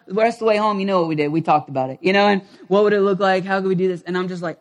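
High-voiced pastor telling a story. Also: male voice, fairly even intonation, fast, hardly any pauses. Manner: conversational storytelling, asks the audience questions. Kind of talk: sermon.

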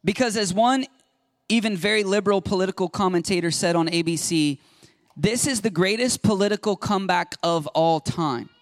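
Man, pastor, sermon, fairly high voice, dry sound, storytelling tone. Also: normal speed, dry recording. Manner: storytelling, chatty asides to the congregation. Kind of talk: conversational sermon.

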